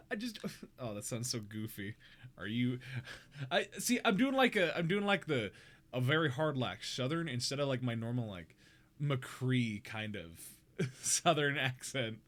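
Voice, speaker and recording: A man's voice: medium pitch, sing-song, unhurried, fairly bright tone. A man hosting a live stream, chatting casually with a rambling, laughing manner. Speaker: streamer and show host.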